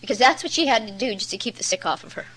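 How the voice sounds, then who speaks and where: A woman's voice: a little high, lively intonation, rapid-fire, a bit bright, rough recording. A woman giving a candid personal testimony at a recovery meeting, rambling and plain-spoken with many asides. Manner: candid, rambling storyteller, many "you know"s.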